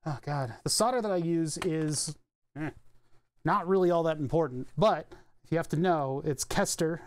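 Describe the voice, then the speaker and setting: A man's voice: on the high side, moderate pace. A man chatting casually on a live stream while soldering at his electronics bench, rambling and thinking aloud with offhand swearing. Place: home electronics workbench.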